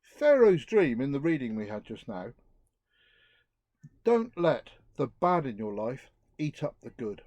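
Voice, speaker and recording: A middle-aged man giving an earnest outdoor talk to a youth group, reflective and lively. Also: medium pitch, unhurried, dry recording. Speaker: youth speaker.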